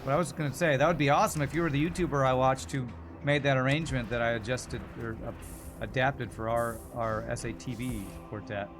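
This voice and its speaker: A man's voice: mid-range voice, fairly even intonation, fairly quick, over music. Chatty male game streamer. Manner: chatty, rambling, reads chat aloud. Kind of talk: casual gameplay commentary.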